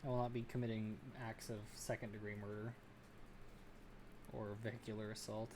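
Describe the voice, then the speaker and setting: A woman livestreaming casually while she builds a model kit, ranting and swearing, jumping from loud outbursts to low muttering. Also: level tone, moderate pace, pauses often. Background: background music.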